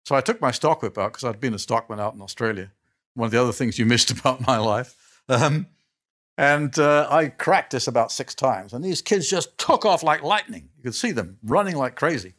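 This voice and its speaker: An older man spins stories for an interviewer, breaking into chuckles and backing up mid-sentence to restart. His voice sits in an ordinary middle pitch for a man, and he talks casually. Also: moderate pace. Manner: animated, chuckling storyteller who trails off and restarts. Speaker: guest. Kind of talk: anecdotal storytelling in a casual interview.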